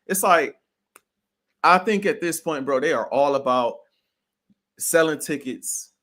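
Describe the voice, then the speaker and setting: A man's voice: fairly high pitch, unhurried. A man co-hosting a sports podcast, talking casually with lots of slang and strong opinions. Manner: animated, slangy, keeps saying bro; opinionated and emphatic.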